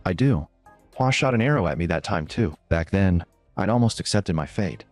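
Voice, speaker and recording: A man narrator voicing an earnest young princess in a recap story, raising his pitch. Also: expressive, moderate pace, darkish tone, dry recording, faint music behind.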